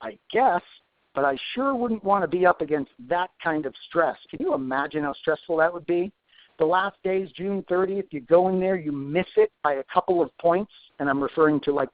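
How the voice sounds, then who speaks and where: A man's voice: fairly high pitch, normal speed, dry recording. Man in his 40s, webinar instructor, chatty, phone-like audio, dry and close. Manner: chatty, self-deprecating asides. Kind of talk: live webinar Q&A. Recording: tinny phone-like dry sound.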